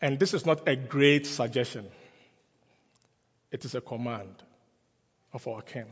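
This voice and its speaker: Male pastor, emphatic sermon, husky tone, church hall with long reverb. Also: medium pitch, lo-fi sound. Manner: slow, emphatic preaching with repeated phrases.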